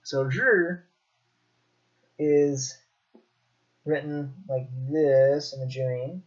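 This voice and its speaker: A man teaching Mandarin pronunciation in a slow, demonstrative way, repeating each sound. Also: on the high side, muffled recording. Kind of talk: pronunciation lesson.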